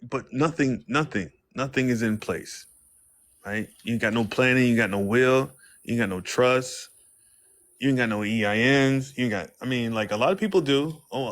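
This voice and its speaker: A man's voice: mid-range voice, moderate pace, a bit bright. A man hosting a casual livestream, rambling in slangy speech and acting out quoted exchanges. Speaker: livestream host.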